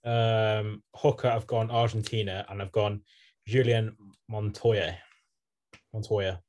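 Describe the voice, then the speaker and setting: A young man with a fairly low voice co-hosting a laid-back podcast. He keeps it dry and brisk, moving the chat along. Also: little pitch movement, a little mellow. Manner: dry, brisk, moves things on. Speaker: podcast co-host. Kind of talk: casual chat.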